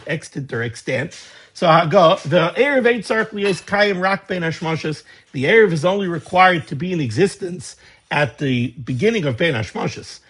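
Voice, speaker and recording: A man teaching a lesson on religious law, reading passages aloud and explaining them in a lively way. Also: on the high side, slightly rough. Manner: lively explaining, reading Hebrew texts and translating. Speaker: Torah teacher. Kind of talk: Talmudic study lecture.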